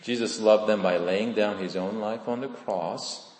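A male pastor preaching a sermon, swinging between loud, emphatic lines and soft, hushed ones. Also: on the low side, a little slow. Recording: echoey hall with long reverb.

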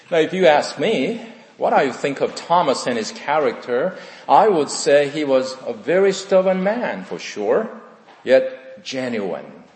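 A male pastor, preaching a sermon in slow, emphatic phrases with dramatic pauses, in a church. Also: mid-range voice. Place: church sanctuary. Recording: echoey hall with long reverb.

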